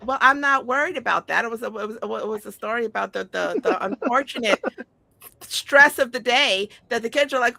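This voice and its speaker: A woman hosts a casual conversation, telling funny stories and acting out quotes in little voices. Her tone is bright and her swearing is casual. The sound is dry and close. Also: a little high, fast talker, gravelly, few pauses, no echo. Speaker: host. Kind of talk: casual storytelling chat.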